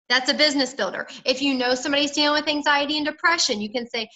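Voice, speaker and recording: Upbeat woman, sales team leader, high and bright, direct coaching over a video call. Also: fast talker, hardly any pauses, low-quality recording. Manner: upbeat, direct, peppy sales pep talk.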